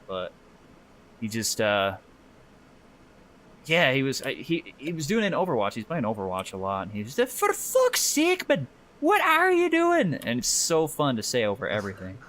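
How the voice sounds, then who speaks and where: A man's voice: lowish voice, lively intonation, moderate pace, long pauses, a bit bright. A man co-hosting a podcast in loose casual chat, swearing freely and laughing often while he draws. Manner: talks while drawing. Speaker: podcast co-host.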